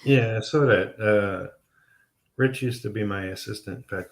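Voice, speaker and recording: A man's voice: lowish voice, a little slow, gravelly. A man hosting a casual chat, replying briefly and in a laid-back way. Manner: laid-back listener, brief replies and laughs. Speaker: podcast host, comics artist.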